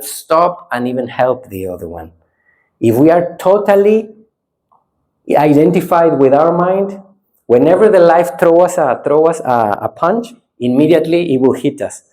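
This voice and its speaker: A man who is a Buddhist monk giving a retreat talk, speaking non-native English with simple phrasing, playful and animated, swinging from lively to hushed. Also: on the high side. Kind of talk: dharma talk with audience exercises.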